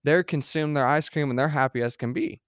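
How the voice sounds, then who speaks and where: A man's voice: fairly high pitch, steady tone, fast talker, clear, resonant tone, no room sound, clean studio sound. A man co-hosting a podcast who talks in a rambling, casual way, restarting sentences and acting out little quoted scenes. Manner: rambling with many restarts, fillers and acted-out quotes. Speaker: podcast co-host. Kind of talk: casual faith discussion.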